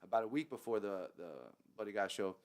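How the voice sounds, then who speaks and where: A man with a low, smooth, resonant voice spins a long casual story as a guest on a podcast. He is from Long Beach, California, and acts out everyone he quotes. He talks with easy, animated storytelling energy. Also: fast talker.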